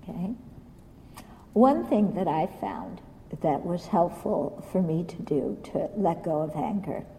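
A woman giving a Buddhist dharma talk, animated and self-mocking, often laughing at her own stories. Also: on the low side, takes it slowly, in a large hall, a little hiss or hum, rough recording. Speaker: Buddhist teacher.

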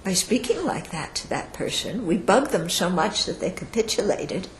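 A woman's voice: on the low side, normal speed, echoey room, a little hiss or hum, poor audio. A woman giving a Buddhist teaching to an audience in a conversational way, often checking in with listeners and acting out quoted speech. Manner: acts out quoted speech with lively shifts in voice. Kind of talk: dharma talk to an audience.

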